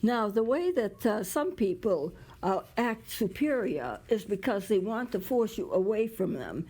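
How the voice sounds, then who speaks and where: A woman's voice: mid-range voice, very animated, measured pace, darkish tone, slightly rough, low-quality recording. A woman hosting a community TV talk show, explaining ideas with everyday examples and stopping now and then to cough. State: coughing at times. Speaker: show host.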